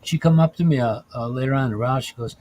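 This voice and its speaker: Speaking quickly in a medium-pitched, dark-toned voice, this podcast host captured on dull audio used to drive a bus. In a relaxed, chatty way he tells swear-filled stories from behind the wheel, laughing and starting over again and again.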